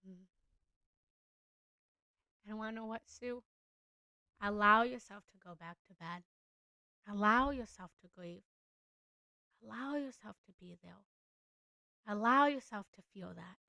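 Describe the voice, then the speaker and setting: A young adult woman, a spiritual coach, speaking earnestly in a live coaching session, repeating gentle affirmations. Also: medium pitch, no room sound.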